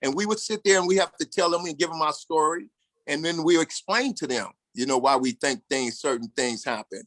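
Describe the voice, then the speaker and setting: An earnest man in his sixties with a somewhat high voice tells his own story plainly and candidly. The sound is dry and close, with no room around it. He slips into the voices of the people he met along the way. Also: fairly quick, fairly bright tone, dry recording. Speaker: formerly incarcerated speaker. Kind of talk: personal storytelling talk.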